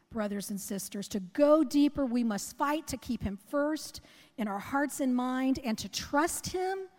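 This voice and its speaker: A woman's voice: high-pitched, mellow. A middle-aged woman preaching a sermon, earnest and conversational, often asking the congregation questions. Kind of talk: sermon with personal story. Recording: long hall reverb.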